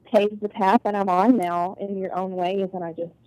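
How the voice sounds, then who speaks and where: A woman's voice: mid-range voice, flat delivery, normal speed, darkish tone, no room sound, rough recording. Woman guest, mid voice, earnest and heartfelt, dry close recording. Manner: earnest, heartfelt, thoughtful with fillers. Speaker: guest, agriculture academic. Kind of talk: casual podcast conversation.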